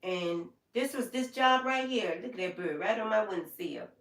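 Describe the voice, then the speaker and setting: The roomy, distant-mic sound carries an older livestream host's medium-pitched, fairly bright voice at a normal pace. In a casual chat, she speaks to her viewers by name in a folksy, heartfelt way.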